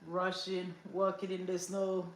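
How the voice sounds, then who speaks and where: A middle-aged African woman hosts a lifestyle livestream, casually telling a story in a fairly low, unhurried voice. She's animated, laughing often and using lots of fillers. The recording has a roomy echo and a slight hiss or hum.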